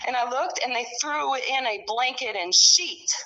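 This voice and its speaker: A middle-aged woman tells her story in a rambling, heated way, with profanity scattered through her speech. Her voice sits a little high and cuts through with a bright, sharp edge. The recording sounds dull and lo-fi. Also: measured pace. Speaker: storyteller recounting her own experiences. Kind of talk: casual conversation.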